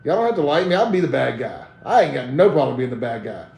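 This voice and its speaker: A man's voice: medium pitch, very animated, fast talker, creaky, a little mellow, roomy sound. A man with a Mississippi Southern accent, hosting a live online talk show and ranting in a blunt, combative, defiant way. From Jackson, Mississippi, USA. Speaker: host of a live social media talk show.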